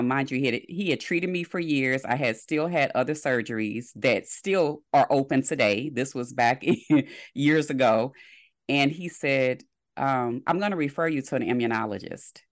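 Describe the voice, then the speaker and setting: A woman guest on a podcast, telling a personal story in a lively way and acting out the dialogue. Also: a bass voice, moderate pace, no room sound, clean studio sound. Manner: lively retelling with quoted dialogue.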